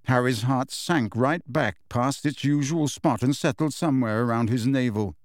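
Brief: male storybook narrator, measured and expressive, mid-pitched, dry and close. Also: no room sound. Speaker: audiobook narrator. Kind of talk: scripted narration.

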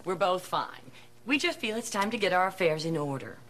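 A level-headed, patient aunt. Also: female voice, fairly low pitch, expressive, brisk, fairly bright tone. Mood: calm. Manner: composed, sensible, patient. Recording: studio audience laughter and noise.

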